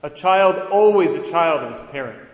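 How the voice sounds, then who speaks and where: A man's voice: on the high side, animated, moderate pace. Preaching man in an echoey hall. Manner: earnest preaching with wry asides. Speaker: priest. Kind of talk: sermon. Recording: echoey hall with long reverb.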